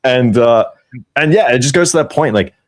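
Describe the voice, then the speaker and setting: A man's voice: mid-range voice, animated, moderate pace, no echo, clean studio sound. A man co-hosting a casual podcast, laid-back and swearing casually. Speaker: podcast co-host, coach.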